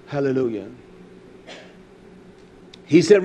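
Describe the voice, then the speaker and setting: A middle-aged male preacher gives a fiery, crude sermon in a high voice. His pitch leaps about constantly as he swings between shouted bursts and low, muttered asides. He comes across as blunt and forceful. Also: expressive, measured pace, long pauses.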